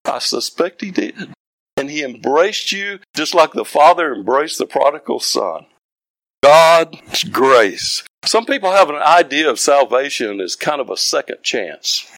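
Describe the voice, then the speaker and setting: A man's voice: medium pitch, lively intonation, moderate pace, vocal fry, a bit bright, no room sound, rough recording. An older man preaching a sermon as pastor, folksy and conversational, building to fervent emphasis.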